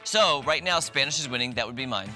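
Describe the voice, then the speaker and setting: A man co-hosting a casual chat segment on a local TV show, talking in an animated way. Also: mid-range voice, fast. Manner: chatty, animated. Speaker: TV show co-host. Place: TV studio. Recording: music playing behind.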